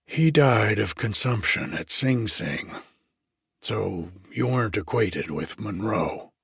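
A man's voice: lowish voice, expressive, creaky, slightly rough, no echo, exaggerated voice. A man voicing a fawning, chatty male prison cook who draws out his words. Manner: obsequious, gossipy, drawn-out.

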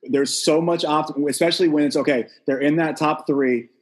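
A man co-hosting a podcast, talking in a halting, casual way with frequent restarts. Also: fairly high pitch, fairly even intonation, breathy edge. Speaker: podcast co-host. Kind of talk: casual chat.

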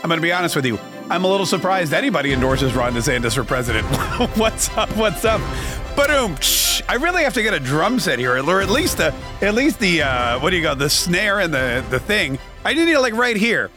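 High-voiced chatty male talk host. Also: sing-song, fairly quick, over music. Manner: joking, chatty, rambling with self-corrections. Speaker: conservative talk show host. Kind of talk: casual podcast monologue.

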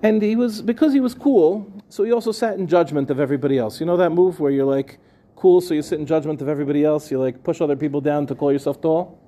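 A rabbi with a bright, fairly high male voice gives a lively spoken Torah class to a live audience, talking fast. He keeps it conversational, tossing questions to the room and repeating phrases.

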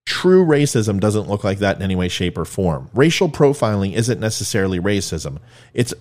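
A man's voice: mid-range voice, a little mellow. A man giving blunt, emphatic opinion commentary in a lecturing way.

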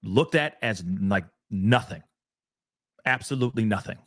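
A man's voice: fairly low pitch, lively intonation, unhurried, dry recording, clean studio sound. A man co-hosting a casual talk show, speaking emphatically and repeating phrases for emphasis. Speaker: podcast co-host. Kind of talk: casual discussion.

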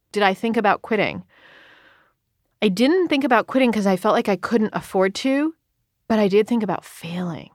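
A woman in her thirties, an author, talking candidly in an interview, earnest and quick with frequent restarts. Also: medium pitch, expressive, no echo, studio quality. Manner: earnest, rushed, many restarts and quoted self-talk.

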